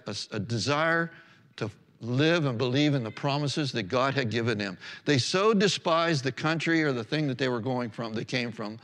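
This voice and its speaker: Man pastor, mid-pitched, earnest sermon delivery with restarts; long hall reverb. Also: fairly bright tone. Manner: earnest, restarts and self-corrections, reads scripture aloud.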